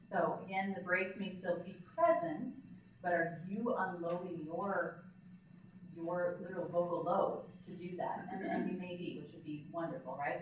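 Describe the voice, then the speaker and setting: A woman's voice: fairly low pitch, normal speed, a little hiss or hum. A woman speech-language pathologist giving a conversational live workshop talk, often checking in with the audience with "okay?". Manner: demonstrates voice techniques as she explains them. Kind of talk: live conference lecture. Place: large conference hall. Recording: very echoey hall, distant, dull lo-fi sound.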